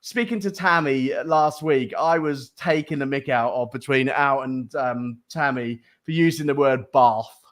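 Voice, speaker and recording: A man's voice: mid-range voice, unhurried. A male talk show host from Cambridgeshire with a Fens English accent, chatting in a jokey, rambling way with lots of restarts. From Cambridgeshire, England. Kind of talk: casual live talk show chat.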